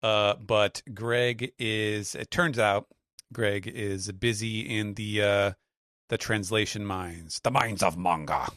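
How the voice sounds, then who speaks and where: A man's voice: on the low side, steady tone, slow pace, fairly bright tone, no room sound. A man on a podcast as a guest translator, talking in a dry, self-deprecating way with lots of "uh"s. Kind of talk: casual chat.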